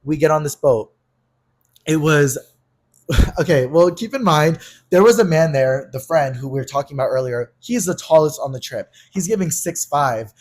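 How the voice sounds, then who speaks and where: A young man co-hosting a podcast, casually telling a wild travel story, swearing freely and acting out the yelling in his quotes. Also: fairly high pitch, moderate pace. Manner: animated, swearing, acts out yelled quotes. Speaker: podcast co-host.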